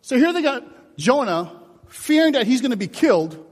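A man preaching a sermon, telling personal stories with acted-out dialogue, moving from loud shouts to hushed whispers. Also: extremely high pitch, normal speed, slightly rough. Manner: animated storytelling, shifts from shouts to hushed whispers. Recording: long hall reverb.

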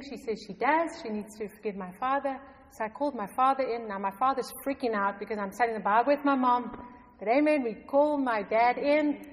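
A middle-aged woman telling a personal faith story to a congregation, animated and often laughing. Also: on the high side. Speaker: church member giving testimony. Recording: long hall reverb.

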